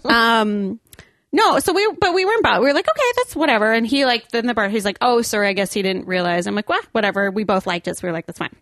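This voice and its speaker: A woman telling a story in a casual chat, animated and laughing often. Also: on the high side, quick pace, dry recording, studio quality.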